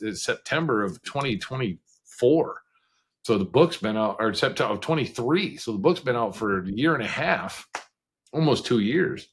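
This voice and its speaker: A man being interviewed on a podcast, recounting his life in a plain, frank voice. His pitch sits in an ordinary middle range. He talks conversationally, picks up speed in quick bursts, and laughs now and then. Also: sharp tone. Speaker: podcast guest, author. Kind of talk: candid storytelling interview.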